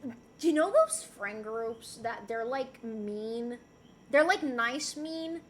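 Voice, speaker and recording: A woman's voice: sits high, slow, slight background noise. A young woman streaming live, chatting casually and animatedly as she reads chat aloud and laughs often. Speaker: livestreamer.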